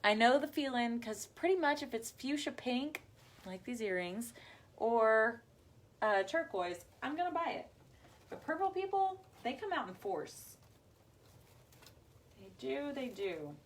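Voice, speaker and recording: A woman's voice: fairly high pitch, sing-song, unhurried, pauses often. A woman hosting a live craft demo from home, chatting to viewers as she works. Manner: chatty, talks to viewers as y'all. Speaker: craft livestream host.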